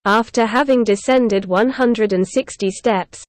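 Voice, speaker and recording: A woman giving a measured, scripted reading of an adventure novel for English learners. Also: fairly high pitch, no room sound. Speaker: narrator.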